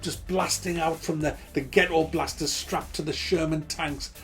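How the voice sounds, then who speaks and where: A man's voice: on the high side, steady tone, normal speed, fairly bright tone, faint music behind. A middle-aged man hosting a gaming channel, ranting with nostalgia, swearing a lot and repeating game titles over and over.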